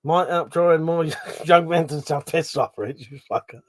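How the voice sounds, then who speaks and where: A man's voice: fairly high pitch, normal speed. A middle-aged man hosting a casual livestream, reading chat messages aloud, swearing freely, laughing and mumbling asides. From Britain.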